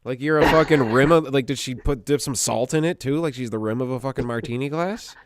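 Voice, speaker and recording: A man's voice: medium pitch, fairly quick, crowd noise. A man co-hosting a podcast in casual, profane, joking banter. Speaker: podcast co-host. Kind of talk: casual chat.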